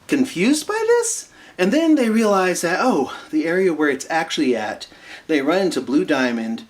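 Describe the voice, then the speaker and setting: A man casually recapping a cartoon episode, rambling with asides and fillers and slipping into quick impressions of the characters. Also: a little high. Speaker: episode reviewer.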